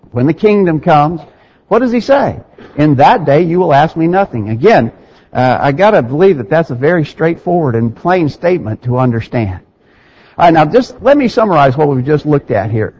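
Guy preaching a sermon, kinda high husky voice, earnest and pushy, muffled lo-fi sound. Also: a little mellow. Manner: earnest, emphatic, quotes scripture in King James wording.

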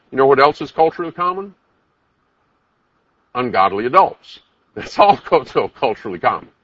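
A man's voice: a little high, a bit bright, no room sound, dull audio. A man preaching a sermon, emphatic, asking the congregation many rhetorical questions.

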